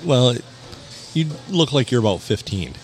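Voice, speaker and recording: A man's voice: mid-range voice, sing-song, unhurried, faint music behind. A man hosting a casual podcast, laid-back and teasing his co-host in a dry way.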